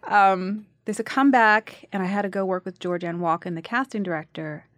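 A woman guest telling a story in casual chat, acting out the quotes in lively bursts. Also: lowish voice, brisk, no echo, clean studio sound. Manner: animated, acts out quotes.

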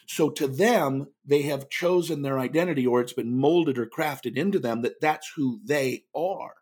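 A man's voice: a little high, slightly rough. A middle-aged man, a speaker and author, telling a long story in an interview and acting out the people in it. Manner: animated storyteller, acts out quoted voices.

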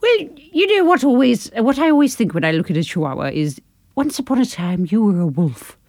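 A woman co-hosting a casual advice podcast, playful and teasing with quick asides. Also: on the high side, very animated, darkish tone, no echo, clean studio sound. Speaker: podcast co-host.

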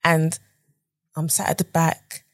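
A young adult woman from the UK, a podcast guest telling a lively story and acting out what people said. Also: takes it slowly, no room sound. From United Kingdom. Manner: animated storyteller, acts out quotes with big pitch jumps and whispers. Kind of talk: casual storytelling interview.

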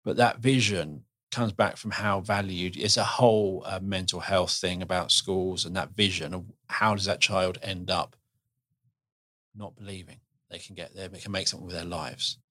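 A man with a fairly low voice hosts a podcast in relaxed conversation. He speaks earnestly and rambles a little, restarting his sentences as he goes. The sound is dry and close to the microphone, with no room echo. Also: normal speed. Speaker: podcast host.

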